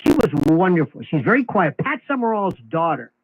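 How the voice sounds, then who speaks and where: A man guesting on a talk radio show, chatting in an animated, sarcastic way with quick asides. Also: sits high, breathy edge, dry recording. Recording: AM radio broadcast, phone-like.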